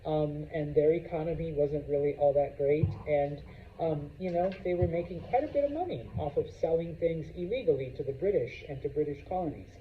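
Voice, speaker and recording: A man's voice: fairly high pitch, a little fast, slight background noise. A man teaching a history class in a casual lecture style, with frequent "okay?" check-ins. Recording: roomy, distant, dull classroom recording.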